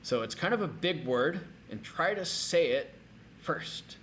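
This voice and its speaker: A middle-aged man giving a recorded language lesson, energetic and repeating words slowly for learners to copy. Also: fairly high pitch, slight background noise. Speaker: language teacher.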